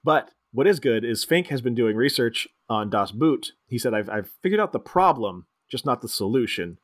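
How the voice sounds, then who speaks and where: Animated man recapping a movie. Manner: retells scenes with quick squeaky character impressions, laughs often. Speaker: podcast co-host. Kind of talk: casual movie recap chat.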